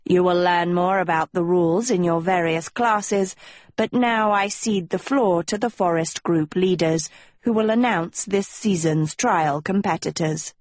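A woman's voice: fairly low pitch, fairly even intonation, measured pace, darkish tone, no room sound, natural voice. A woman voicing a pompous talking dog who reads out school rules in a formal, lecturing way. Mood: reassuring. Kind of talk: audiobook character voice.

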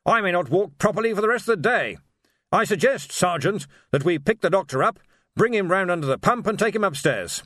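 Man voicing old wizard, booming, pompous, bossy, raised pitch, dry. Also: lively intonation, brisk, fairly bright tone, dry recording. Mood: indignant. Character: loud bearded old male wizard, bossy.

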